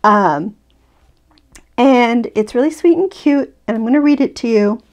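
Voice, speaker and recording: A woman in her thirties gently reading a bedtime picture book aloud, with a soft voice and hesitant fillers. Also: on the high side, a little slow. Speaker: video creator reading a book.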